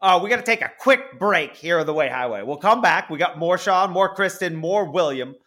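A man's voice: sits high, lively intonation, brisk, bright, forceful tone. A man hosting a podcast in casual chat, laughing often and cracking jokey asides. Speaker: podcast host.

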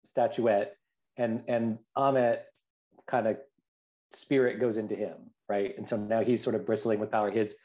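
A man's voice: on the low side, little pitch movement, normal speed, darkish tone. A man in casual chat, retelling scenes with hesitant restarts. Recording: dull lo-fi sound.

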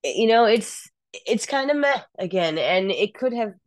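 A woman co-hosting a podcast, giving frank, animated opinions in casual chat. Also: mid-range voice, a little slow, dry recording, studio quality. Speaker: podcast co-host.

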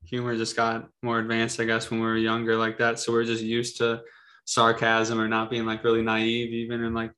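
A man's voice: mid-range voice, completely flat delivery, moderate pace, pushed and bright. A young man telling family stories in a casual, rambling way, full of fillers. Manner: rambling storyteller, many "like" fillers. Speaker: podcast guest, son of the host.

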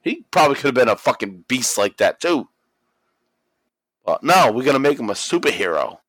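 A man's voice: mid-range voice, moderate pace, dry recording. A man co-hosting a podcast, telling a wrestling story in casual chat, swearing freely and acting out the quotes. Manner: animated storytelling, profane, acts out quotes. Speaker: podcast co-host recapping wrestling.

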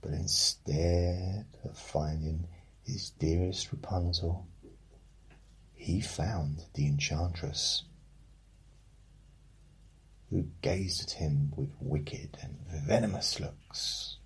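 A man reading a bedtime fairy tale aloud, breaking off for deadpan jokes. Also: sits low, very slow, pauses often, husky, rough recording. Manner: deadpan, joking. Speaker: storyteller. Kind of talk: bedtime story reading with comic asides.

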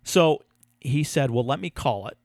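Animated male podcast co-host telling a story. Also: mid-range voice, unhurried, vocal fry, dry recording, studio quality. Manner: animated, laughing storyteller who acts out quotes. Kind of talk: casual storytelling chat.

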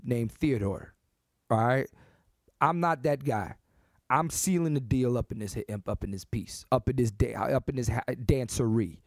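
Man in his 30s, solo podcast host, brash and animated, lively pitch, dry close mic. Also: no echo. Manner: brash, animated, repetitive restarts. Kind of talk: comedic solo podcast monologue.

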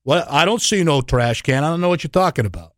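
A man's voice: fairly high pitch, lively intonation, fast talker, fairly bright tone, no room sound, studio quality. A man voicing a dismissive New York stadium security guard in a put-on New York accent. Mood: playing dumb. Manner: dismissive, playing dumb.

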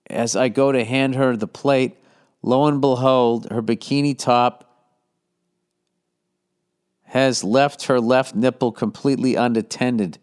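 A man with a mid-range, slightly mellow, smooth voice hosts a podcast. He reads listener letters and answers them with a casual, profane advice rant that is blunt, rambling and full of mock exasperation.

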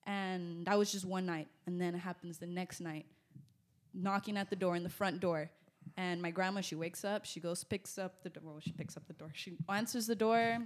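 A young woman telling a personal story in casual, animated speech with many fillers, on a close podcast mic. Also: lowish voice, normal speed. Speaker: guest. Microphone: podcast mic close to mouth.

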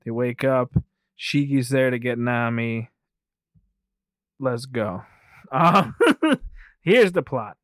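A man's voice: mid-range voice, slow pace, long pauses, fairly bright tone, no echo, studio quality. A man co-hosting a podcast, recapping an anime film in casual chat. He rambles, swears freely, laughs often, and skims past details with "whatever.". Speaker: podcast co-host.

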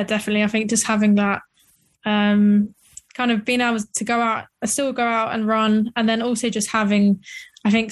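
Flat-voiced young woman co-host. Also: medium pitch, dry recording. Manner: friendly, hesitant, many fillers. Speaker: podcast co-host. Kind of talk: casual podcast chat.

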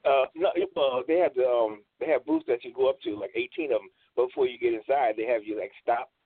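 A man co-hosting a casual online radio talk show, telling a rambling story and breaking into high laughs. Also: quick pace, husky, no echo. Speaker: co-host. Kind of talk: casual panel chat. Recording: tinny phone-like online call.

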